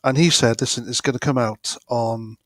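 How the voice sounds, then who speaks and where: A man's voice: medium pitch, fairly even intonation, moderate pace, no echo. A man chatting casually on a livestream, rambling with lots of fillers. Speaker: co-host guest. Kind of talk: casual live chat.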